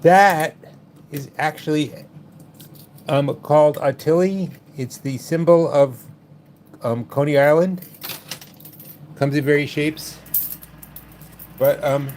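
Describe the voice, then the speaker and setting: A man's voice: fairly high pitch, slow, long pauses, a little mellow, slight background noise. A man hosting a livestream from a gaming club, chatting casually and joking with viewers. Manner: wry, joking with chat. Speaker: livestream host.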